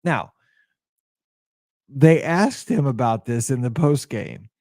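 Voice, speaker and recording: A man hosting a podcast, telling a story in a casual, excitable and openly emotional way, with lots of restarts. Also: medium pitch, slow, no room sound, clean studio sound. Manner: excitable, rambling sports storyteller. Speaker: podcast host.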